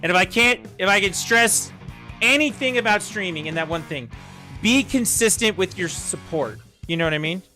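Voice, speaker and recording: A young man talks to his stream in loose, rambling sentences full of "like" and "you know." His voice sits high and sounds bright and forceful. Faint game music plays underneath. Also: lively intonation, normal speed. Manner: rambling, conversational, lots of fillers. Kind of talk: casual chat while gaming.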